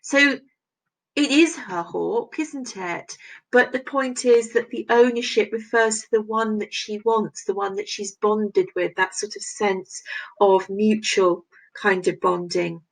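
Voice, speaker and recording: A woman teacher going through a text line by line, pointing out each device and reading the quoted bits with extra emphasis. Her voice has a gravelly edge at a middling pitch. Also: steady tone, unhurried, rough recording. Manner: explanatory, reads quoted passages aloud with emphasis. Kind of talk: recorded literature lesson.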